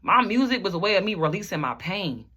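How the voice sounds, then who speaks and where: Rapper storytelling to camera, emotional, rambling, repetitive, bright tone, mid pitch. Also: big pitch swings, breathy edge. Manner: emotional, rambling, fills nearly every phrase with "like"; repeats phrases, at times rushed.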